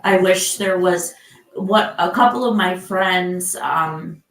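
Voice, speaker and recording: A woman's voice: lowish voice, slow, fairly bright tone, echoey room, a little hiss or hum, rough recording. An older woman from Michigan hosting a casual live chat, rambling with lots of fillers and restarts. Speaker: live stream host.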